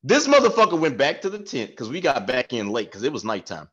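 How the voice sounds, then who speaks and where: A man telling an animated, profane army story with frequent laughs in casual podcast chat. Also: medium pitch, fast, slightly rough. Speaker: podcast co-host, former staff sergeant. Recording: dull lo-fi sound.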